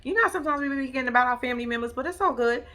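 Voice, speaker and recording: A woman's voice: high voice, racing, bright, forceful tone. A woman hosting a casual reality TV recap, blunt, profane and sassy, talking straight to her viewers.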